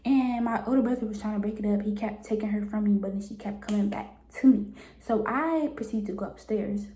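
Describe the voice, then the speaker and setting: A young woman in her twenties from Cleveland tells a story with blunt, animated energy. Her voice is warm and mellow, and it carries a noticeable room echo. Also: mid-range voice, fairly quick. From Cleveland, Ohio, US. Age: 20s. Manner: blunt, animated retelling with frank language. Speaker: vlogger. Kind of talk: casual storytime. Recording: echoey room.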